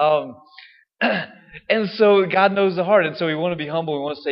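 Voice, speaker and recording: Priest preaching in a reverberant church. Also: male voice, fairly high pitch, moderate pace. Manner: conversational, frequent "right?" tag questions. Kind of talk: casual homily. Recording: dull sound with long hall reverb.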